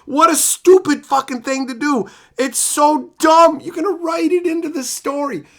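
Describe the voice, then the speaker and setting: A man's voice: extremely high pitch, normal speed. A man hosting a livestream, ranting angrily with heavy profanity and mocking asides while reading chat. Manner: profane, heated, mocking, shouting at times. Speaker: streamer host.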